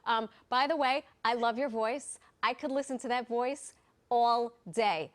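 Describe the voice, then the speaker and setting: A woman hosts a television news interview in a fairly high voice. She is chatty and enthusiastic, often cheering her guest on. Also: measured pace. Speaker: news show host. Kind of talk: TV interview hosting.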